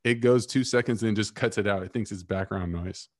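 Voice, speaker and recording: Low-voiced man hosting over a video call. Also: a little fast, a little mellow, dry recording, clean studio sound. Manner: playful, hype-man introductions. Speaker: podcast host. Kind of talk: casual video-call chat.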